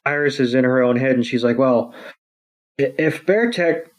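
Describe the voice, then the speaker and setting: A male podcast co-host, recapping an episode in loose, rambling casual chat at a mid pitch. He fills gaps with "um" and "you know" and slips into goofy voices for the characters. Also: normal speed, rough recording. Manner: rambling, many fillers, acts out quotes in silly voices.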